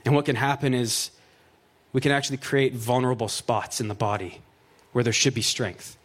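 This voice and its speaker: A man's voice: medium pitch, steady tone, normal speed. A man preaching a conversational sermon. He reads scripture aloud, then explains it in plain, joking asides peppered with "like" and "right?".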